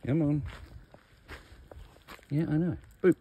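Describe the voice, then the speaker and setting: A man's voice: on the low side, very animated, a little slow, creaky, slightly rough. An Australian man chatting casually outdoors as he releases a snake, teasing it in a laid-back way. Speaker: snake catcher. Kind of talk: casual outdoor vlog narration. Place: outdoors among bushes.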